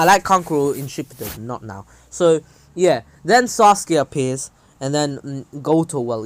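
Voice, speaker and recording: A young man casually retelling a fan story, rambling with many fillers and restarts. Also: mid-range voice. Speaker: channel host.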